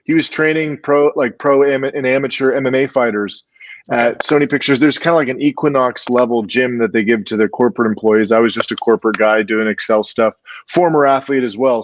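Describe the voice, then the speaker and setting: Male filmmaker guest, mid-pitched, animated rambling storyteller, dull lo-fi recording. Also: no echo. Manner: animated, chatty storyteller with many restarts. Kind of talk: storytelling in an interview.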